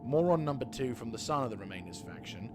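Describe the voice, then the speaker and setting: This is a British man in his thirties chatting casually over his gameplay, rambling and swearing with a self-deprecating streak. His pitch is lively and moves around a lot. A clear bed of game audio sits under his voice. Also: fast, background noise.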